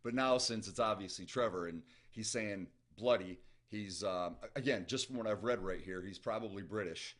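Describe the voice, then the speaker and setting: A man's voice: on the low side, normal speed, few pauses, fairly bright tone. A man with a Midwestern accent who reads a novel aloud and reacts to it in a chatty, enthusiastic way. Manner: chatty, enthusiastic, self-interrupting. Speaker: book reaction host.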